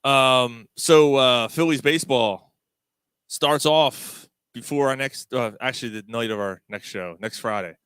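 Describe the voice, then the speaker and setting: A middle-aged man hosts a casual talk show. He tells stories in an animated way, laughing and swearing as he goes, at a mid pitch in a dry, close room. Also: a little slow, clean tone, no room sound. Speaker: podcast host. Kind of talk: casual chat.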